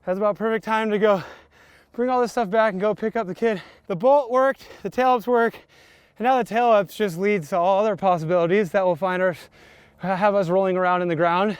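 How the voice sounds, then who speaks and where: A man's voice: high voice, a little fast, smooth, no room sound. A man in his thirties hosting a casual outdoor bike vlog, joking and laughing often. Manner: laughing, playful, hype shouts. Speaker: vlog host, bike rider. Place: outdoors at a dirt jump.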